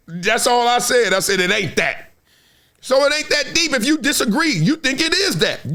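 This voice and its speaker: A middle-aged man with holds forth on a sports talk show. His voice sits high and swings widely as he makes his points. He repeats words for emphasis and laughs through his arguments. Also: lively intonation, moderate pace, sharp tone. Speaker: podcast host. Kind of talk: casual sports commentary monologue.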